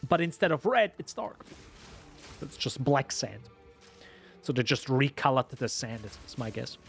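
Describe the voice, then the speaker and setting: A man's voice: medium pitch, sing-song, unhurried, creaky, soft background music. A man streaming a video game, rambling casually to his viewers as he plays. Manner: rambling, chatty, talks to viewers. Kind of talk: live gameplay commentary.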